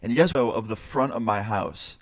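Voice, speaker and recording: A man's voice: fairly low pitch, fairly quick, no echo, clean studio sound. A young man, a streamer, casually telling a story and swearing now and then. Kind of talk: storytime narration.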